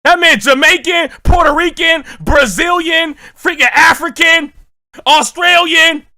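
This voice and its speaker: A man reacting to music in a very high, piercingly bright voice. He talks loudly and excitably, swears freely, and keeps bursting into shouts. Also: unhurried.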